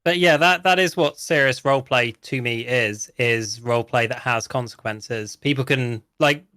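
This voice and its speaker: A man's voice: medium pitch, normal speed, bright, forceful tone, no room sound, clean studio sound. A man chatting casually about roleplay, rambling through a long story with many restarts and some swearing. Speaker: roleplay guest. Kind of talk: casual podcast chat.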